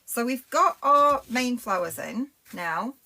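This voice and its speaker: A woman's voice: fairly high pitch, lively intonation, takes it slowly, creaky, bright, forceful tone. Chatty Lancashire woman demonstrating crafts. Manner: chatty, rambling, talks to viewers while working with her hands. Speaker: craft presenter. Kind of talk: live-streamed craft demonstration.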